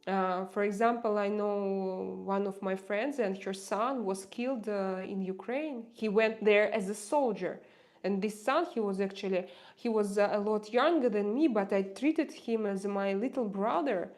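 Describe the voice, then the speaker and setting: A woman with a Russian accent, a non-native English speaker, chatting casually with viewers on her livestream, often pausing and restarting as she searches for words. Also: mid-range voice, a little mellow. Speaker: livestream host.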